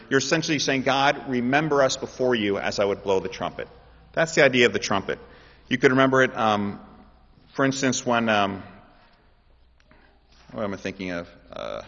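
Preacher man in a reverberant hall. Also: mid-range voice. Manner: animated, rising to loud emphatic calls. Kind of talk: sermon. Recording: dull sound with long hall reverb.

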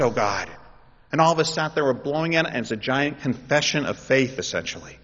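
A man preaching a sermon in an animated way, building up to loud, emphatic calls. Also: on the high side, fairly quick. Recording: dull sound with long hall reverb.

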